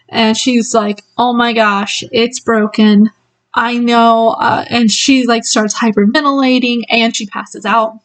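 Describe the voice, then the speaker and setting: A woman's voice: a little high, low-quality recording. A woman giving a casual spoiler book review, retelling the story in a rambling way with many ums and small laughs.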